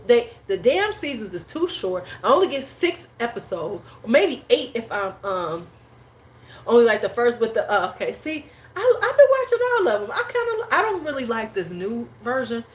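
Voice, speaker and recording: Lively, chatty woman. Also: fairly high pitch, a little hiss or hum. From United States. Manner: rambling, slangy and animated. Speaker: host. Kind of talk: casual livestream chat.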